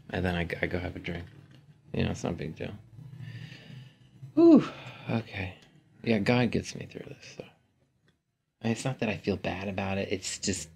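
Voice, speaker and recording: A man giving an emotional personal testimony, halting and hesitant, often sinking to a whisper. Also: sits low, vocal fry, a little mellow, husky.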